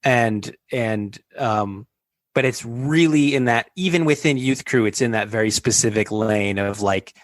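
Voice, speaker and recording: A man's voice: medium pitch, measured pace, no room sound. A man talking as a podcast guest in casual chat, rambling loosely with fillers.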